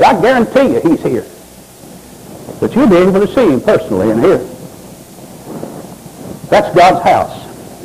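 In a church, a pastor with a high-pitched voice preaches a sermon, reading scripture aloud and calling out congregants by name with swooping emphasis. The audio is poor, with slight background noise.

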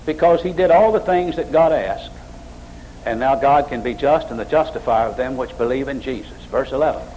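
A man preaching a sermon with emphatic, repetitive phrasing, climbing higher and louder as he mocks emotional worship. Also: normal speed, a little hiss or hum, rough recording. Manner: emphatic, repetitive, rises high when mocking emotional worship.

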